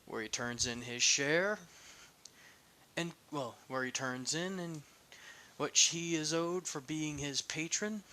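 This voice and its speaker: A man's voice: fairly high pitch, sharp tone. A man reading his own fan story aloud in a loose, conversational way, with restarts. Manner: slow, loose, unscripted-sounding narration.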